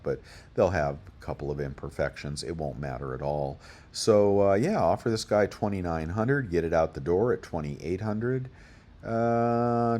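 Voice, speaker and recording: A man's voice: extremely low pitch, darkish tone. A man hosting a coin deals channel, rambling casually and thinking aloud as he works through prices, with the hiccups. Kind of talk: casual deal rundown.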